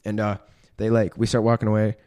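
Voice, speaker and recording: Talking fast in a low, monotone, slightly mellow voice, a guest in his twenties tells the podcast host a story. His rambling, casual speech is full of swearing and filler words.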